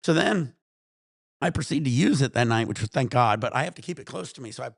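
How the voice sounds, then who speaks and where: A man hosting a relaxed vlog, rambling and swearing freely in casual chat while high. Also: fast talker, gravelly, no echo, clean studio sound. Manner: rambling, profane, laid-back. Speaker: vlog host.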